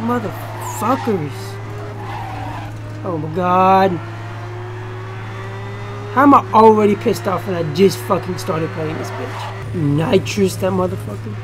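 A young woman commentating a racing game from her college dorm room. She keeps her voice quiet but breaks into profane, excitable outbursts. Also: mid-range voice. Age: young adult. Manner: talking quietly. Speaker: gaming YouTuber. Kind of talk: gameplay commentary.

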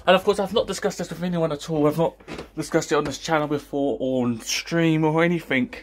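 Male YouTuber, slightly high voice, breathless and overexcited, casual rambling vlog delivery. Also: brisk, slight background noise. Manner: excited and rambling. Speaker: YouTuber and podcast host.

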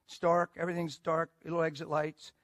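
Man, preacher, sermon storytelling, emphatic, fairly high voice, dry close sound. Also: brisk, dry recording. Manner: animated, emphatic, swings from loud to hushed.

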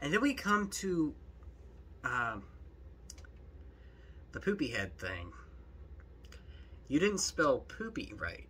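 A man's voice: fairly high pitch, big pitch swings, slow, pauses often, sharp tone, slightly rough. A young man commenting on videos in a jokey, rambling, exasperated way. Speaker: youtube commentator. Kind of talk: reaction commentary.

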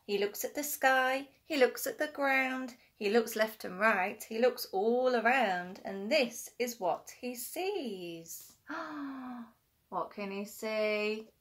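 With a slightly high voice and a slow pace, a woman who teaches infant school reads a picture book aloud to little children. Her reading is lively, full of gasps and questions for them.

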